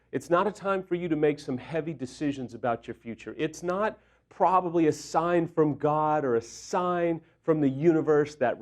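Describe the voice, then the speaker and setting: A man's voice: mid-range voice, a little mellow. A man, a recovery coach, candidly telling a humbling personal story with self-deprecating humor, then turning it into advice.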